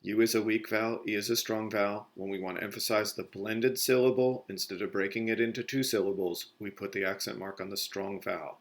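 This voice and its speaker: This Spanish teacher's voice is on the low side and steady, moving briskly with hardly any pauses. He takes his recorded grammar lesson one step at a time, breaking off mid-sentence to fix his own wording.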